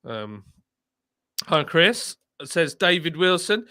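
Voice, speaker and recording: A man's voice: mid-range voice, unhurried, fairly bright tone, dry recording, studio quality. A man hosting a casual livestream chat, talking bluntly and laughing often. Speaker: livestream host, former brewery boss.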